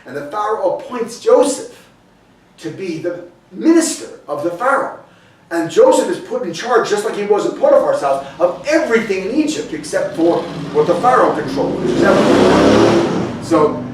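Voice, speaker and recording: A man whose voice sits high preaches in a sanctuary hall, with slight background noise, heavy echo and the sound of a distant voice. He keeps the sermon conversational, often restarting as he retells scripture.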